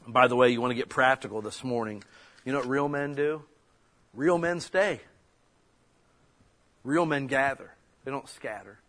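A male pastor giving a conversational sermon, swinging between loud emphasis and soft, near-whispered lines. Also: medium pitch.

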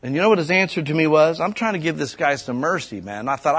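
A man preaching a sermon as a storyteller, climbing high and loud when stirred. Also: fast talker, slightly rough. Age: adult parent.

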